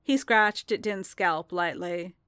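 A woman's voice: fairly low pitch, slow pace, a bit bright, smooth, no echo. Woman narrating a story, dry close sound. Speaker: reader. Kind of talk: narrating fan fiction aloud.

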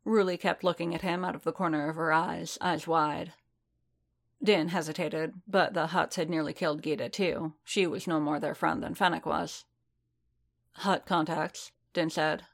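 A woman reading fan fiction aloud in a steady storytelling manner. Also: fairly low pitch, creaky. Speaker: narrator.

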